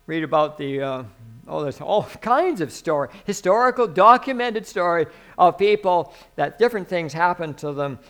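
A man preaching a sermon, animated, often laughing and swinging between soft musing and loud exclamation. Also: on the high side, normal speed.

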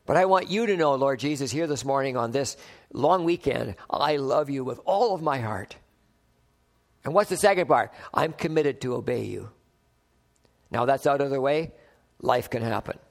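A man's voice: mid-range voice, expressive, moderate pace, gravelly. A man, a pastor, preaching a conversational sermon, acting out little dialogues and chuckling between points.

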